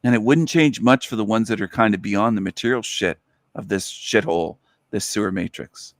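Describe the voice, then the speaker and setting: A man's voice: on the low side, moderate pace, dry recording, studio quality. A man hosting a solo podcast, ranting with sarcasm and repeating phrases for emphasis. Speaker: host.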